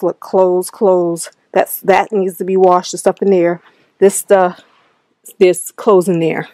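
A woman's voice: mid-range voice, darkish tone. A woman in her thirties filming a casual home vlog, talking straight to her viewers and calling them "y'all" as she walks from room to room. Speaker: vlogger. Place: inside a home, walking between rooms.

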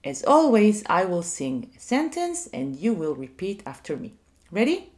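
A woman teaching a music lesson to young children, speaking clearly and leading them to repeat after her. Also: mid-range voice, wildly swooping pitch, darkish tone. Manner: slow, clear and sing-song, leading call-and-repeat.

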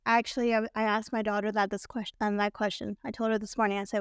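A woman's voice: medium pitch, level tone, quick pace, few pauses, smooth, no echo, studio quality. A woman in her forties, a guest on a podcast, telling a personal story in an earnest, chatty way. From Texas. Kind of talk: casual interview.

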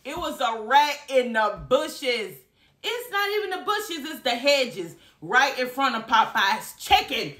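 Animated woman telling a story. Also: sits high, unhurried. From Alabama. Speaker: vlogger. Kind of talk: casual storytime.

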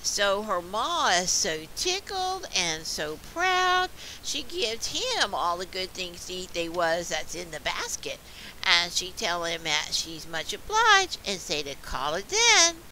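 A woman's voice: fairly low pitch, big pitch swings, takes it slowly, pushed and bright, slight background noise. A woman reading a dialect poem aloud with a folksy, childlike storytelling manner. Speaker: reader.

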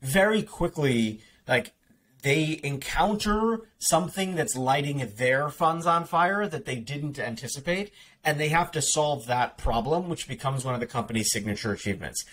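A man's voice: a little high, animated, a bit bright, a little hiss or hum. Chatty man with many fillers. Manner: fast, rambling, frequent "like" fillers and restarts. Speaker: author and podcast guest. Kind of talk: casual interview talk.

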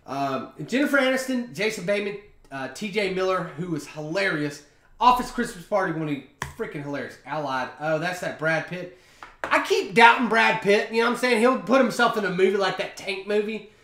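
A man's voice: high voice, animated, brisk, sharp tone, a little hiss or hum. A young man hosting a podcast, chatting in a rambling, offhand way over a beer. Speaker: podcast host. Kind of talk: casual chat. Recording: roomy echo.

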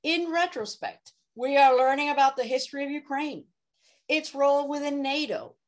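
A woman's voice: sits high, moderate pace, poor audio. Woman lecturing on a panel. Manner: lecturing, frequent "right?" tag questions. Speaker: panelist, social psychologist. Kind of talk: academic panel talk.

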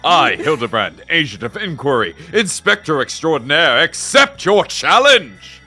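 A man's voice: a little high, big pitch swings, measured pace, bright, forceful tone, husky, soft background music, pitched above the performer's own voice, full character voice. A man voicing a vain, pompous male inspector in a put-on English accent, making theatrical proclamations. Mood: grandiose. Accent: vague English put-on. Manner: theatrical, self-important proclamations.

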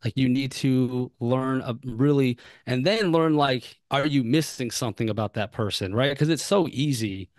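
A man's voice: medium pitch, normal speed, few pauses, no room sound, clean studio sound. A man appearing as a guest on a podcast, talking earnestly and explaining his point with repeated emphasis. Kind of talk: conversational advice.

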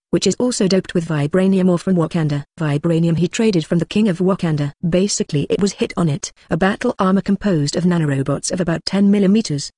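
Synthetic audiobook reader, even monotone narration, dry close sound. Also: medium pitch, no room sound. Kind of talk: scripted narration.

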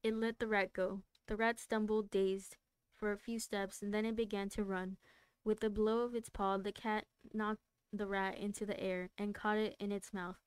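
A woman's voice: mid-range voice, flat delivery, moderate pace, clean tone, dry recording. Woman reading a novel aloud on stream. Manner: stumbles and restarts words, laughs at the text. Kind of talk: casual read-aloud on a livestream.

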